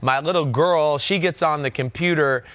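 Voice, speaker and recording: A man with a North Jersey accent hosting a casual sports talk show, relaxed and joking. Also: fairly high pitch, normal speed, no room sound. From New Jersey. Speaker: podcast host.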